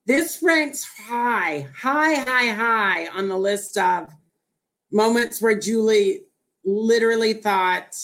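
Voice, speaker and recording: A woman hosting a casual chat, telling a story in an animated, rambling and self-mocking way. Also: medium pitch.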